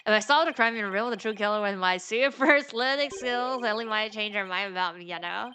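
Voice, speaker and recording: A lovestruck young goof brags about himself and tags his sentences with slang, as a woman voices him. His voice is bright and forceful and his manner breezy. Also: medium pitch, brisk, a little hiss or hum, close to an everyday voice. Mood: boastful. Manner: boastful, tacks on a slangy "bruh". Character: goofy, lovestruck young man, clueless pest.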